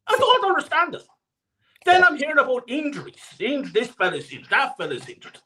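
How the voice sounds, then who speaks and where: A man's voice: extremely high pitch, huge pitch swings, fairly quick, bright, forceful tone. A man in his forties or older calling in to a live talk show, ranting angrily with constant swearing and repeating himself. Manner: angry, profane, repetitive ranting. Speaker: caller. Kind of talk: ranting call-in chat.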